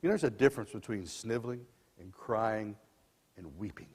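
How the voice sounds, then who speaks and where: A man in his sixties preaching a sermon as dramatic storytelling, swinging between loud and soft passages, in a church sanctuary. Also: lowish voice, animated, normal speed, slightly rough. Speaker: lay preacher. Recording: long church reverb.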